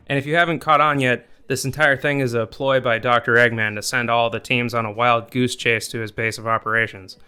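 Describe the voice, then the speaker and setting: Smooth-voiced sarcastic male game commentator. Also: mid-range voice, flat delivery, a little fast, hardly any pauses, sharp tone, no room sound. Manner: sarcastic, swearing rants. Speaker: gaming video host. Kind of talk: scripted comedic game commentary.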